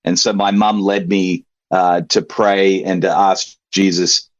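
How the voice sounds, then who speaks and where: A low-voiced Australian man on a video call, his accent worn toward American by years abroad. He tells his story in an easy, relaxed way and laughs lightly as he talks. The sound is dry and a little muffled, as video-call audio often is. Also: measured pace, dry recording. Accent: Australian, softened toward American. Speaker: interview guest. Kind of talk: casual interview over a video call.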